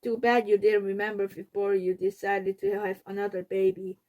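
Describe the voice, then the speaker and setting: A woman's voice: medium pitch, level tone, normal speed, phone-quality sound, natural voice. A woman reading a storybook aloud, voicing a stubborn, indignant older boy with emphatic, raised delivery. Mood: teasing.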